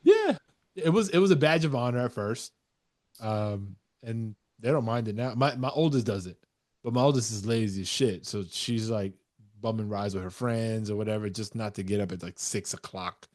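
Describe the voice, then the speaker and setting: A man's voice: on the low side, moderate pace, a little mellow. A man from New York co-hosting a dads' podcast, telling stories animatedly and swearing casually. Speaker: podcast co-host. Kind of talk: casual chat.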